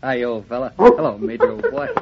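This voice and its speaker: A man's voice: medium pitch, a little fast, gravelly, background noise. An actor playing a cheerful, teasing young husband who dotes on his dog, in 1940s radio acting on a dull old radio recording. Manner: jovial, teasing, animated.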